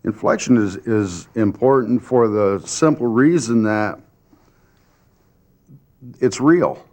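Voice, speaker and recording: A man demonstrating a hunting call and explaining it, halting and stumbling over his words. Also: on the low side, darkish tone. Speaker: call maker expert.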